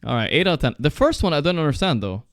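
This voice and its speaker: A young man streaming live, chatting casually, reacting loudly and swearing often while he plays a guessing game. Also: on the high side, very animated, fast, no room sound, studio quality.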